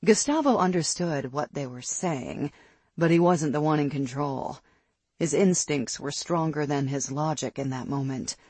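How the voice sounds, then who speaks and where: A narrator giving a steady, scripted reading of a fantasy audiobook. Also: female voice, low-pitched, a little slow, breathy edge, no room sound. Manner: steady, even storytelling.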